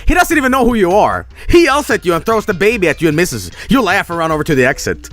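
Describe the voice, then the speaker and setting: Male streamer, high and animated, reading game text aloud with a foul mouth. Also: fast, faint music behind. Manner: animated, swearing, breaking into laughter.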